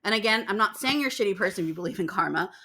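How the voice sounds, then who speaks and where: Racing along with lively intonation, a young spiritual vlogger speaks in a medium-pitched, sharp voice with a breathy edge. She rants casually to camera about spiritual ideas, gets fired up, swears a lot and performs others' voices.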